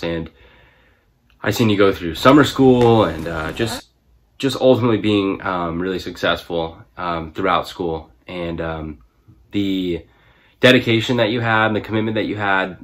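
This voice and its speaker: Low voiced guy, halting, lots of ums and uhs. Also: fairly bright tone. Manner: halting, many fillers. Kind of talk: recorded video message.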